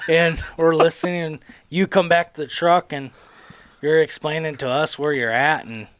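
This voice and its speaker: Speaking at a measured pace with a somewhat high voice, this Midwestern-accented man hosts a podcast and spins a meandering, animated tale full of restarts. A faint hiss or hum sits under the recording.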